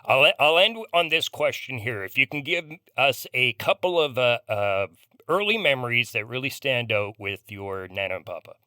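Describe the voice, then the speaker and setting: Bright-voiced middle-aged male host. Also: medium pitch, expressive, normal speed, clean tone, dry recording, studio quality. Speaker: podcast host. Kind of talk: casual interview chat.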